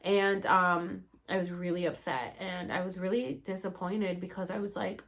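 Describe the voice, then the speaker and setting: A young woman vlogger tells a personal story in a casual, animated way, swearing freely and acting out what other people said. Her voice is lowish, her pace moderate, with few pauses.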